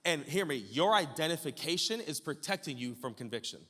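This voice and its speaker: A man pastor preaching in a church with a long, ringing reverb around him. His voice is bright and cutting, and his pitch swings widely as he fires off question after question. At the high points he pushes into shouting. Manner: animated preaching with rapid rhetorical questions; builds to shouting at climaxes. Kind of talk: sermon. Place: church sanctuary.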